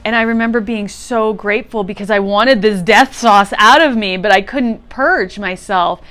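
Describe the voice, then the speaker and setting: A woman's voice: mid-range voice, moderate pace, a bit bright, faint music behind. Woman guest, heartfelt storytelling, voice moved and sincere. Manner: emotional, earnest, laughs through tears. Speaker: guest sharing a retreat testimonial. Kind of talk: personal storytelling.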